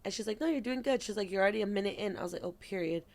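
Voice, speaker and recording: A woman's voice: mid-range voice, racing. A young woman co-hosting a podcast in casual chat. She tells stories with lots of energy, acts out the quotes and swears freely. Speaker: podcast co-host.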